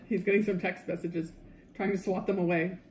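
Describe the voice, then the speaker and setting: A woman's voice: on the low side, fairly even intonation, normal speed, a little mellow. A woman co-hosting a casual unboxing video, patiently prompting with questions. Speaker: co-host of an unboxing channel. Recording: echoey room with faint background hum.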